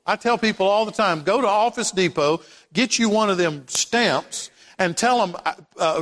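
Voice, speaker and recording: A man preaching a sermon as pastor, swinging from loud declarations to hushed passages. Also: high voice, normal speed, long reverb tail. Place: church sanctuary.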